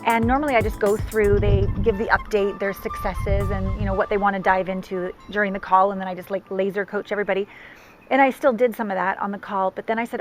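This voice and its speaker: A middle-aged woman coach talking to camera, telling her story with animated, emphatic delivery. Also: medium pitch, fast talker, soft background music. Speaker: relationship coach. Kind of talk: casual talk to camera.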